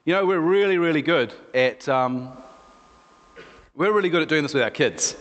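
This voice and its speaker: A man's voice: on the high side, expressive, moderate pace. A male pastor preaching a sermon in a conversational, storytelling way. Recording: echoey hall.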